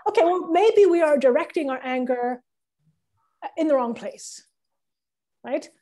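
A woman as a guilty new boss, earnest, placating, high voice. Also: expressive, measured pace, dark tone. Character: newly promoted woman boss, guilty and apologetic. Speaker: improv performer. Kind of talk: improv scene. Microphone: online call.

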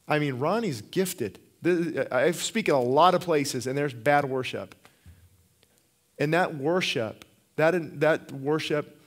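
A middle-aged man preaching a sermon as pastor, impassioned, often repeating words and restarting phrases. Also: mid-range voice.

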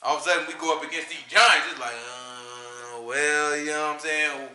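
A man teaching scripture in an informal, conversational sermon, slangy and animated, often checking in with "right?". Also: fairly high pitch, normal speed, reverberant. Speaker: teacher leading a scripture study.

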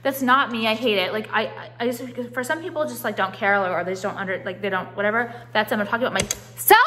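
Bright-voiced chatty woman vlogging at home. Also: fairly high pitch, lively intonation, quick pace, few pauses. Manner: chatty, profane, full of "like" and restarts. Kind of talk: casual vlog chat. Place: at home, walking through rooms.

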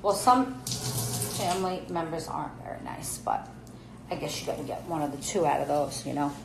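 A woman's voice: low voice, brisk, gravelly, reverberant. Candid, rambling middle-aged woman, noisy kitchen. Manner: candid, rambling, emotional storytelling. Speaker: livestream host talking about her family. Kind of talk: casual livestream chat.

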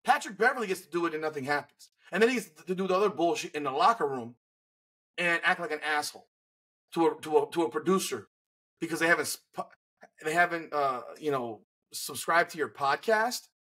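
A man's voice: a little high, expressive, brisk, pushed and bright, slightly rough. A man hosting a casual sports podcast, giving blunt, heated opinions. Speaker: podcast host.

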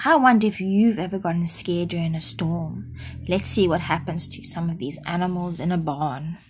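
A woman's voice: lowish voice, noisy background. A woman primary school teacher reading a storybook aloud to young children, then asking them questions about it. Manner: slow, expressive read-aloud with quiz questions.

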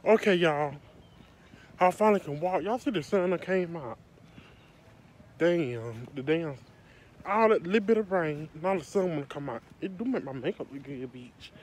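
Out in the rain, a woman vlogs casually into her phone with an animated, low-pitched voice at normal speed, speaking bluntly and swearing freely. Heavy rain noise surrounds the phone mic.

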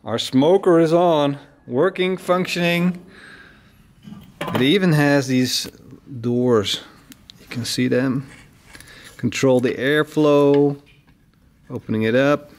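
A man's voice: a little high, slow pace, pauses often. A playful man hosting a casual barbecue vlog, teasing and laughing. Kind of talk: casual chat. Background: music.

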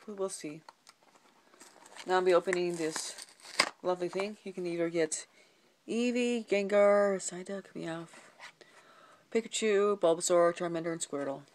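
A woman hosts a card-opening video, reading out each card name in turn at an unhurried pace. Her voice sits a little low, and at times it drops to a near whisper. A faint hiss runs under the recording. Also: a little mellow. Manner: calls out card names one by one, slips into whispering. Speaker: unboxing video host. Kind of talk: card pack opening, listing cards.

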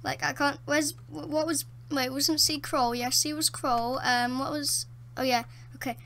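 Speaking a little slowly in a high-sitting voice, a woman offers casual commentary on her game from a dark room at home. She gets worked up easily, with frequent gasps, laughter and exclamations.

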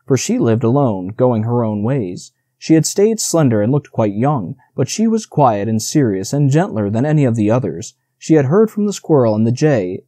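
A man reading a children's classic aloud as an audiobook narrator, with expressive storytelling. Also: mid-range voice, no room sound, clean studio sound.

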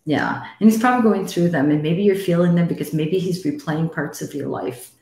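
A woman's voice: fairly low pitch, fairly quick, dark tone. A middle-aged woman hosting a live call-in psychic reading show, talking bluntly and frankly, swearing freely and calling callers sweetie. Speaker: psychic medium host. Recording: roomy echo.

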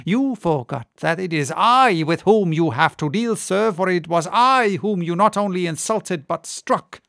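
Guy voicing a stiff huffy detective, a bit louder, gravelly. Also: sits high, expressive, unhurried, no echo, clean studio sound, exaggerated voice. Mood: indignant. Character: indignant English detective, man.

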